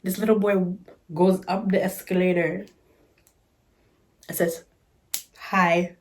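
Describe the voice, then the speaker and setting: A woman's voice: on the low side, little pitch movement, takes it slowly, darkish tone. A woman vlogger telling a story in a casual chat, sassy and exasperated, recorded on a phone camera.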